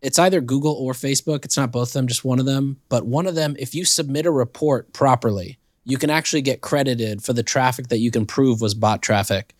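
A man's voice: medium pitch, fairly quick, few pauses, no room sound. Laid-back male co-host, dry close sound. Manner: laid-back, blunt, laughs easily. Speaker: podcast co-host. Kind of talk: casual chat.

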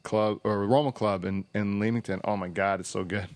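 A man's voice: lowish voice, steady tone, a little fast, darkish tone, no room sound. A man hosting a podcast, telling a rambling, joking story full of restarts in casual chat. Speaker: podcast host.

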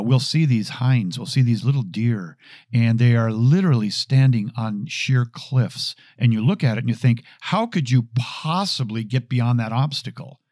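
A middle-aged man gives an earnest talk on scripture. He has a mid-range voice and repeats each verse slowly, changing the stress every time. The recording is dry and close, with no room sound. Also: medium pitch, a little mellow, no echo. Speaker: host.

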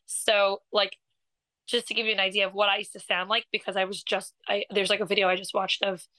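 A woman's voice: medium pitch, fairly quick, no room sound, rough recording. A young woman from England, a singer, talking in a casual interview with lots of laughs, fillers and restarts. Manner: animated, laughs often, many fillers and restarts. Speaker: singer and guest.

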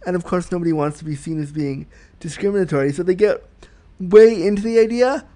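A man's voice: high voice, a little fast, dark tone. A man hosting a solo podcast, talking frankly and reflectively as he explains his thoughts at length. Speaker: podcast host.

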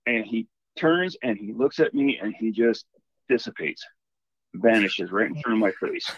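A man calling in to tell a story in a casual, animated, rambling way. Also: lowish voice, normal speed, breathy edge, no echo, muffled recording. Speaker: caller telling a ghost story.

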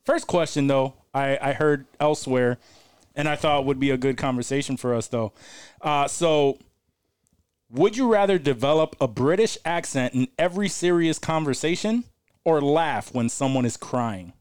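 A man's voice: medium pitch, normal speed, darkish tone, clear, resonant tone, no echo. A man co-hosting a podcast, laughing often and swearing in loose, rambling banter. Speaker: podcast co-host. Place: studio.

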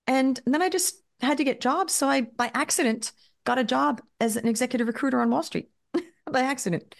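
A woman's voice: sits high, a little fast, creaky. A woman in her fifties, a podcast guest telling chatty anecdotes full of "like" and "you know.". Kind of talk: casual storytelling interview.

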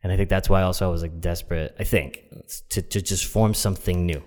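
A man's voice: low-pitched, fairly even intonation, fast talker, a little mellow. A man telling a personal story in a casual, rambling way, with lots of fillers. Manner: rambling, many fillers, acts out quoted voices. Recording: long echoey reverb.

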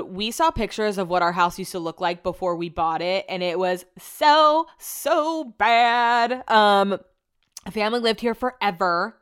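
A young woman hosting a podcast, telling home stories in a casual, chatty way, swearing freely and acting out quotes in a higher voice. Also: fairly bright tone, clear, resonant tone. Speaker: podcast host. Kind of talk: casual storytelling chat.

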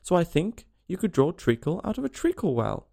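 Man doing a raspy high jumpy hatter, rude and sulky, storybook voice. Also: sing-song, a little fast, darkish tone, heavily acted. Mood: snappish. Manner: mournful then snappish and triumphant. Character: rude, excitable eccentric hat-maker man.

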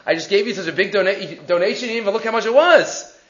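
A man's voice: high-pitched, fast, a bit bright. A man voicing a wealthy man who bargains insistently, heard in an echoey, dull recording. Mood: puzzled. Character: wealthy man pleading for one more week.

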